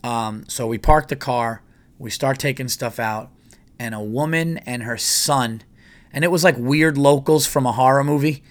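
A man's voice: mid-range voice, moderate pace. A man hosting a podcast, telling a story in a casual, rambling and profane way. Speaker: podcast host.

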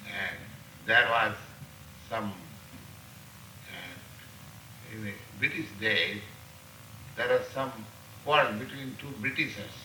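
An older man with an Indian accent giving a scripture class lecture, speaking slowly and deliberately with many pauses and fillers. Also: mid-range voice, sharp tone, slight background noise, poor audio. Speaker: spiritual teacher. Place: class room.

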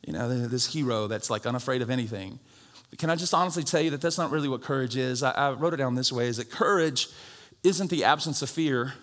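A man preaching a sermon to a congregation, moving from quiet, conversational teaching to loud, shouted exhortation and joking with the crowd. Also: mid-range voice, quick pace. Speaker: pastor.

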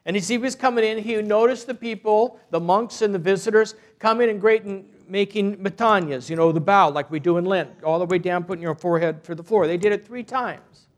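High-voiced priest telling a story. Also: male voice. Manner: earnest storytelling, unhurried, with restarts. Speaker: parish priest. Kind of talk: sermon with a retold story.

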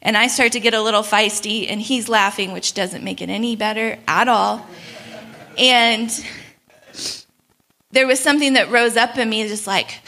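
Woman, young adult, sermon storytelling, higher pitch, bright tone, animated with frequent laughter. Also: moderate pace. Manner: animated, laughs often, acts out quoted voices. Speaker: speaker at a church gathering.

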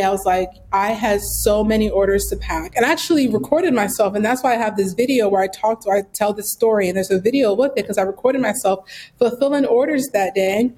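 A young woman who founded a bag brand appears as an interview guest, telling stories casually in a medium-pitched voice. She's an animated, chatty storyteller who uses lots of fillers, and the recording is rough.

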